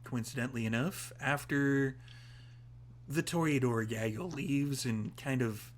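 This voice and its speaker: A man narrating a tabletop role-playing game as storyteller, slow and hesitant, with many fillers. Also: medium pitch.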